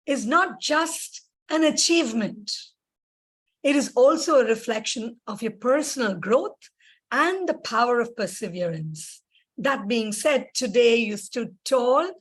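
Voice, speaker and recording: A woman giving a measured, gracious evaluation of a speech at a club meeting. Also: on the high side, a bit bright.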